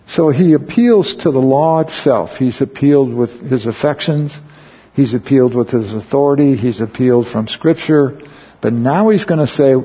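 A man leads a Bible study in an easygoing, talkative way, often turning to his listeners with quick questions. His voice is gravelly and a little husky. The recording sounds dull and lo-fi. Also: medium pitch. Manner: conversational, with frequent questions to the audience; tells personal stories while explaining scripture. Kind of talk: informal Bible teaching.

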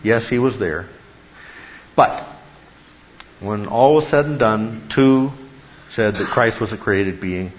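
A man's voice: on the low side, slow, pauses often, dull audio. A man teaching a Bible class in a classroom, emphatic and full of rhetorical questions to his students.

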